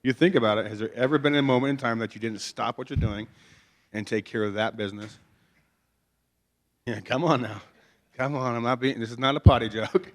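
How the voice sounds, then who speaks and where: A male pastor talks to his congregation in a loose, conversational sermon. He jokes in a folksy way and keeps asking rhetorical questions to pull the room along. His voice sits at an ordinary middle pitch. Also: animated, brisk, a little hiss or hum. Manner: folksy, joking, peppers talk with rhetorical questions. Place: chapel before a congregation.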